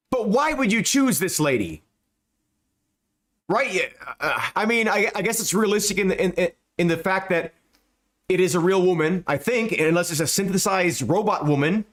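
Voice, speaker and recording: A man giving casual, rambling commentary over gameplay, often stammering and repeating words, and swearing now and then. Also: sits high. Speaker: gaming YouTuber.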